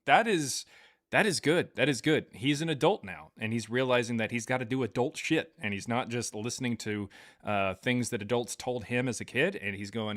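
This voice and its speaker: A man's voice: mid-range voice, moderate pace, a bit bright, no room sound, clean studio sound. A man hosting a live stream, reading super chats in a casual, jokey, rambling way with many fillers.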